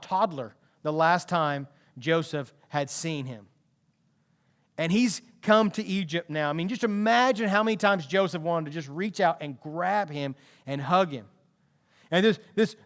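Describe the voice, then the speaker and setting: Pastor in the pulpit, male, higher register, tells the story with lively, emphatic energy. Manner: animated, emphatic storytelling with asides. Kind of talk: sermon.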